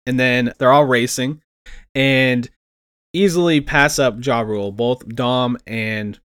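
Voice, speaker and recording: A young man chatting casually through a movie recap, his voice sitting at an ordinary middle pitch. He tells it with a loose, laughing energy, slipping into quick impressions of the characters. The sound is dry and close, with no room around it. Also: clear, resonant tone, no room sound. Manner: laughing, animated retelling with acted quotes.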